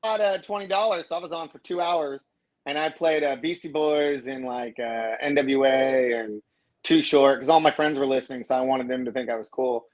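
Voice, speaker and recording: A man, a radio DJ guest on a podcast, telling stories in a casual, animated way and acting out what people said. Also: medium pitch, normal speed, rough recording. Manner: animated, acts out quoted dialogue. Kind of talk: casual storytelling.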